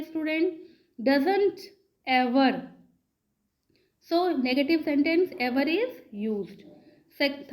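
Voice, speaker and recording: Slow, high-voiced woman teaching grammar. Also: rough recording. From India. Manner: slow, repeats words and asks the class questions. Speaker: English teacher. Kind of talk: classroom grammar lesson.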